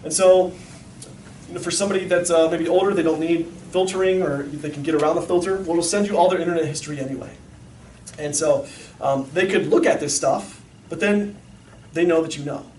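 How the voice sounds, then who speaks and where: A man giving a lively talk to parents, telling stories and acting out the voices of the people in them. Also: a little high, a little fast, a little hiss or hum. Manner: animated storyteller, acts out voices. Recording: echoey room, mic far off.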